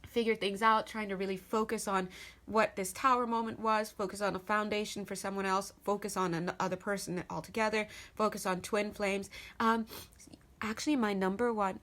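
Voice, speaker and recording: A woman's voice: mid-range voice, fairly bright tone. A woman giving a casual spoken tarot reading to her viewers, chatty and rambling, with frequent laughs and asides. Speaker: tarot reader.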